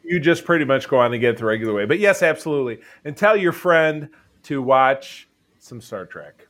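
A man's voice: mid-range voice, lively intonation, fairly quick, fairly bright tone. A man co-hosting a casual podcast chat, enthusiastic and rambling, often restarting his sentences. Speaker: podcast co-host.

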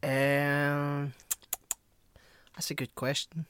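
A man chatting casually with friends, playful and quick to agree. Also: on the high side, monotone, a bit bright, clean tone. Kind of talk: casual group chat.

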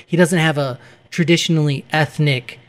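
A man's voice: on the high side, fairly even intonation, moderate pace. A man co-hosting a gaming podcast, chatting casually and laughing often. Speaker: podcast co-host.

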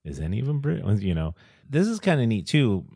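A man's voice: lowish voice, big pitch swings, a little fast, mellow, breathy edge, no echo, studio quality. A man co-hosting a podcast, chatting in an easygoing, chatty way and laughing often. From United States. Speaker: podcast co-host. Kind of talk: casual chat.

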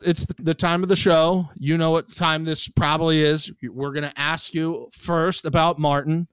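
A woman co-hosting a podcast, chatting playfully and jumping up loudly when excited. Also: deep voice, normal speed, smooth, dry recording. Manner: playful, loud, swoops up in excitement. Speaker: podcast co-host. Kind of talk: casual chat.

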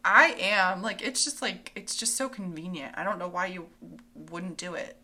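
A woman's voice: lowish voice, moderate pace, pushed and bright. A young woman co-hosting a podcast, chatting casually and enthusiastically. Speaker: podcast co-host. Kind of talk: casual chat.

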